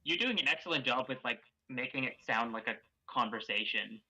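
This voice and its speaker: Bright-voiced man, hesitant and reassuring. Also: mid-range voice, expressive, a little fast, poor audio. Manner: hesitant, lots of ums, reassuring. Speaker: guest reader. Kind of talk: casual reading stream chat.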